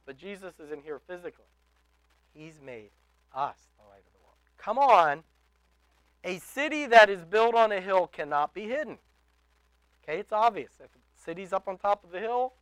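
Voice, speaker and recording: A man preaching a sermon in an emphatic way, building to loud exhortations and dropping to quiet asides. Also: sits high, dry recording, low-quality recording. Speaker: pastor.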